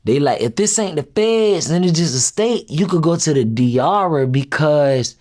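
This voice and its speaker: A man's voice: fairly high pitch, normal speed. Young guy in an interview, telling a story, acting out the quotes, voice jumping all over. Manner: animated retelling, acts out quoted dialogue. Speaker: rapper being interviewed.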